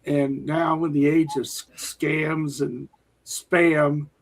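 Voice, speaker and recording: Older male guest, husky, halting delivery. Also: fairly high pitch, level tone, rough recording. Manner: hesitant, with many fillers. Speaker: panel guest. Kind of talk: answering a panel question.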